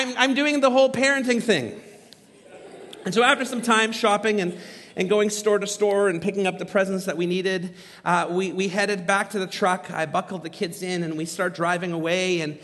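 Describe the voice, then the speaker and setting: A man in his thirties telling a story in a sermon as a pastor, animated and poking fun at himself. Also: high voice. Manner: animated, self-mocking humor. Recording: long reverb from a large hall.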